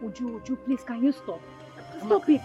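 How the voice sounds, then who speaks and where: Angry scared nigerian village girl, high voice, music loud behind. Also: very animated, normal speed. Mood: upset. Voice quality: frustrated, pleading. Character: distressed young village woman, frightened and angry. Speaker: young village woman Ujunwa. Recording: dull film audio with loud music.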